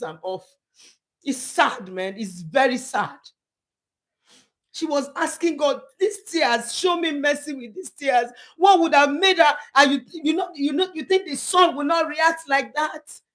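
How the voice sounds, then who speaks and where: A middle-aged woman, giving an impassioned live talk as a counselor and church speaker. Her voice sits high, and she presses her points with pleading repetition in a preachy way. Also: fairly bright tone. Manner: emphatic and preachy, repeats phrases, pleading.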